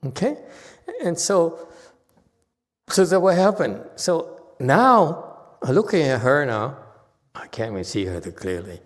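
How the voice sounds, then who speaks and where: A Buddhist teacher giving a Dharma talk and answering questions, animated and chuckling, often repeating himself. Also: male voice, a little high, slow, pauses often, big-room sound.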